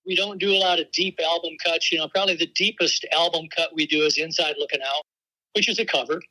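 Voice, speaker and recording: Bright-voiced older man telling stories. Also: fairly high pitch, fast talker, poor audio. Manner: relaxed storytelling, laughs often. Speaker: guest, rock drummer. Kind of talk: casual interview talk.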